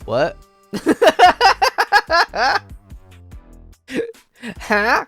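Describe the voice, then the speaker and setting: A giggly man chats casually on a game livestream, his voice bouncing up and down in a lively way. He talks slowly and playfully. Faint music plays behind him. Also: very high voice. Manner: playful, giggly, greets chatters by name. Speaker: game streamer.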